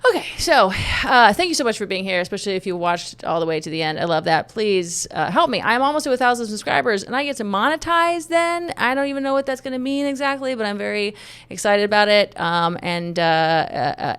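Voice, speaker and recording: A woman's voice: mid-range voice, fairly bright tone, clear, resonant tone, no room sound. A woman from Texas giving her opinions in a casual vlog, joking and rambling with many restarts. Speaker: YouTube commentator.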